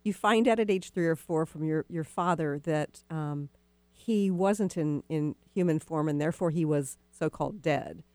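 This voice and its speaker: A woman's voice: low voice, normal speed, darkish tone, dry recording. A woman hosting an interview, attentive and giving frequent short affirmations. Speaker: host. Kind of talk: interview questions.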